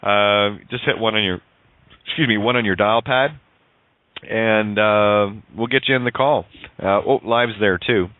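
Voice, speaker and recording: A man hosting a call-in radio show, rambling excitedly, swearing freely and laughing often as he plays with the sounds of words. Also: lowish voice, measured pace, dry recording. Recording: tinny phone-like online call audio.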